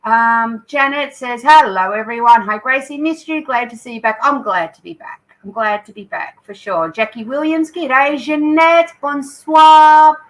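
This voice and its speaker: A woman's voice: high voice, measured pace, hardly any pauses, rough recording. A woman with an Australian accent hosting a live craft stream, chatting and reading out viewer comments. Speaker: craft channel host.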